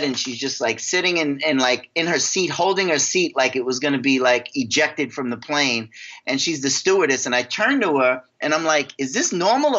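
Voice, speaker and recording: A man from New York, a guest coach on a podcast, telling an animated story and repeating words as he gets excited. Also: fairly high pitch, dull audio.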